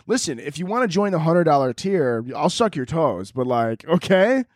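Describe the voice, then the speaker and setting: Young guy ranting solo on his podcast, crude, rambly, keeps laughing, slightly high voice, dry close mic. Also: very animated, normal speed, a little mellow, no room sound. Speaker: podcast host. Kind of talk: casual solo podcast rant. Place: at home, lying on pillows. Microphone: headphones and podcast mic.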